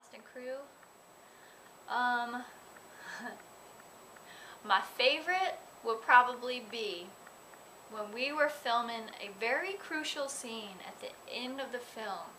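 A woman actress telling a lively on-set story in an interview, chatty and full of "like". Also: fairly high pitch, takes it slowly, pauses often, a little hiss or hum. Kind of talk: animated anecdote in interview.

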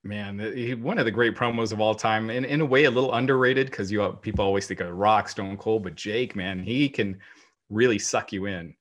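A man's voice: on the low side, fairly quick. A man co-hosting a podcast in casual chat, talking with emphatic enthusiasm and laughing often. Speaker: podcast co-host.

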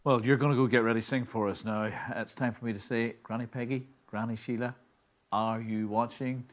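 A man's voice: medium pitch, fairly even intonation, fairly quick. A man who presents a TV show and asks jovial, teasing questions. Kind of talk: broadcast interview.

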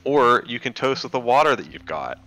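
Low-voiced guy streaming a game, bright sharp tone, swings his pitch a lot, faint game music behind. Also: very animated, fairly quick. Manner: blunt, joking, swears casually. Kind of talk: casual chat while playing.

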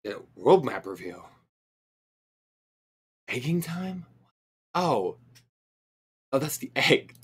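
A young man streaming a game from home, chatting casually, swearing and breaking into sudden excited outbursts. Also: lowish voice, slow pace, long pauses, breathy edge. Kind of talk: casual live-stream chat.

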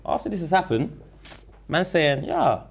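A man with a South London accent, a rapper guest in a casual interview, telling a story in a slang-heavy, animated way and acting out what people said. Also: fairly high pitch, measured pace, vocal fry, noisy background. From London, England. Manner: animated, slang-heavy, acts out the quoted lines.

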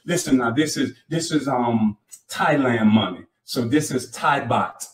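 A man's voice: medium pitch, measured pace. A pastor in his fifties preaching a sermon with fervent call-outs to the congregation and folksy, colloquial storytelling. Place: church sanctuary. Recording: roomy church hall, mic from far off.

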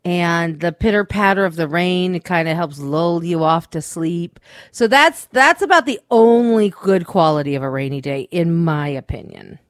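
A woman co-hosting a radio show, telling a weekend story in casual, swearing, animated chat. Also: on the low side, normal speed, no room sound, studio quality. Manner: chatty storyteller, swears freely, acts out quotes.

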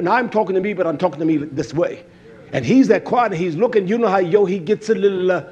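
A man preaching a fiery sermon, blunt and cursing freely, swinging from shouts to hushed tones. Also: high voice, lively intonation, fairly quick, husky, muffled recording.

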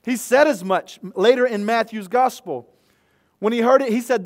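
Man, pastor, fairly high voice, earnest sermon, emphatic repetition. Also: moderate pace. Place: outdoor church service.

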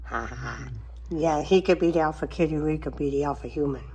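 A cat owner sits at her table with coffee at home, filming her cats and chatting to them in casual baby talk. She coos and occasionally whispers in a sing-song way, her low-pitched voice brisk and mellow, with slight background noise behind her.

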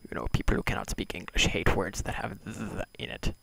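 A man talking to himself in deadpan, mock-solemn mutters and half-whispers while playing a video game. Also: low-pitched, brisk, vocal fry, slight background noise, low-quality recording. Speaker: gamer playing a block-building game.

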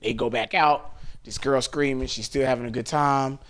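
A man hosting a podcast, telling a story in casual chat, animated and laughing often as he acts out quotes. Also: mid-range voice, moderate pace. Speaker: podcast host. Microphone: podcast studio mic.

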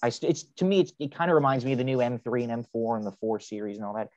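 A man in a casual car chat, telling stories in a relaxed way. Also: mid-range voice, very fast, dull audio.

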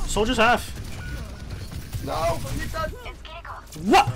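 Excitable young gamer with a swinging pitch. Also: male voice, over music. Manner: excitable, swearing, yelling quick callouts to teammates. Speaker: gaming streamer. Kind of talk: live gameplay commentary and team voice chat.

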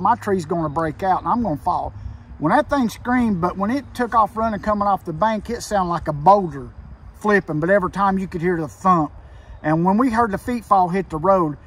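A man's voice: high voice, a bit bright, slightly rough, recorded from a distance. A man telling a frightening hunting story in rural dialect, tense and emphatic, heard over a phone call. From Kentucky. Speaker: hunter telling an encounter. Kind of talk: casual storytelling.

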